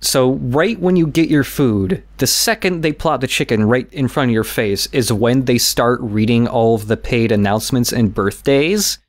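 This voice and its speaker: A man's voice: medium pitch, moderate pace, hardly any pauses. A young man co-hosting a podcast, casually telling a rambling story with laughs and swearing. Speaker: podcast co-host. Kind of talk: casual chat.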